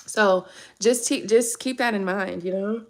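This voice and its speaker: A woman's voice: mid-range voice, measured pace. A young woman, a tarot reader chatting casually and candidly on a live stream, swearing freely.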